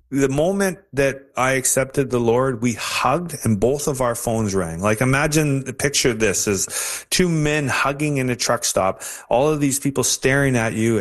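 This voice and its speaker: A man, telling his personal testimony in an earnest, halting way as an interview guest. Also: mid-range voice.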